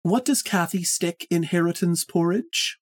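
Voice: medium pitch, no room sound. A podcast host running a casual book club pop quiz, teasing and swearing, speeding through explanations. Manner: teasing, profane, quick bursts of explanation.

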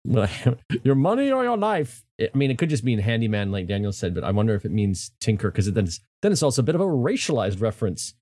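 A man's voice: on the low side, lively intonation, quick pace, hardly any pauses, warm tone, no echo. A man chatting casually as a co-host, thinking aloud and hedging his words. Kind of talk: casual chat.

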